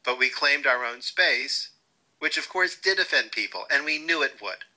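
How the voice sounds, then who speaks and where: An older man being interviewed, telling wry, lively stories and quoting people along the way. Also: mid-range voice, normal speed, poor audio. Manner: wry, animated anecdotes with quoted voices. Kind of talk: storytelling interview.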